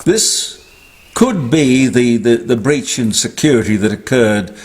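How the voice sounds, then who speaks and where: A man's voice: mid-range voice, expressive, a little slow, darkish tone. An older man, delivering an emphatic, indignant political commentary monologue. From Australia. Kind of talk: opinionated monologue.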